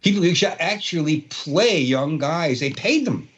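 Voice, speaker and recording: A man's voice: on the high side, lively intonation, measured pace, slightly rough, muffled recording. A man in his sixties from Brooklyn with a Brooklyn accent, a guitarist telling rambling stories in an interview with many fillers and restarts. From Brooklyn, New York. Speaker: guest guitarist. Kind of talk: casual storytelling interview.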